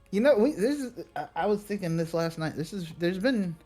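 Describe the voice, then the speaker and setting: A man's voice: high-pitched, mellow. A man co-casting a live esports match, trading dry jokes and thinking aloud about team picks. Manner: dry, joking asides. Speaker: esports co-caster. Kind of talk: esports commentary.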